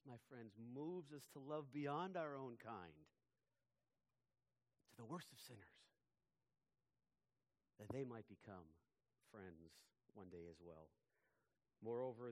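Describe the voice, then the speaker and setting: A man preaching a sermon in a mid-range voice. He climbs to loud, pleading emphasis on key points, then drops low and quiet to drive a lesson home. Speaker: pastor.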